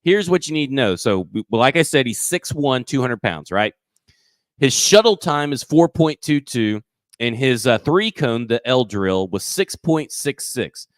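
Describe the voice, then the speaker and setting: A man's voice: mid-range voice, sing-song, a little slow, no echo, clean studio sound. A man co-hosting a live football podcast, reeling off prospect measurements with eager enthusiasm and the odd stumble over his words. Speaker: sports podcast co-host. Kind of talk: casual live show chat.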